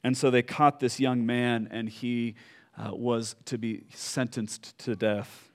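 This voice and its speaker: A man preaching a sermon, telling a story slowly with fillers and pauses, dropping soft at solemn moments. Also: medium pitch, little pitch movement. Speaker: pastor.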